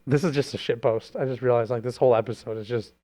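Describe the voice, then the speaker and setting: A young man co-hosts a podcast, rambling and joking in loose, unscripted chat. His voice sits at a middling pitch, and he likes to tease. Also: fairly even intonation, fairly quick. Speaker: podcast co-host. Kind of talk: casual chat.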